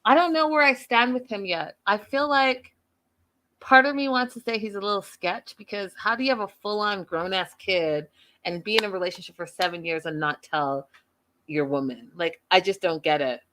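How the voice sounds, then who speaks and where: A woman's voice: medium pitch, moderate pace, a bit bright. A woman hosting a TV recap show, chatting casually to her viewers in a gossipy, playfully dramatic way.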